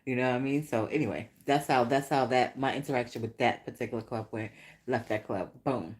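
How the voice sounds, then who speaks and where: A woman hosting a casual vlog-style podcast, telling a rambling, animated story with repeated questions. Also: a bass voice, fairly quick. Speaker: podcast host.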